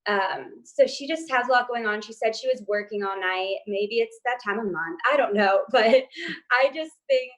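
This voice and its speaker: A woman's voice: on the high side, moderate pace. A woman on a casual TV recap panel, talking thoughtfully and hedging with many ums. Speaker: co-host panelist.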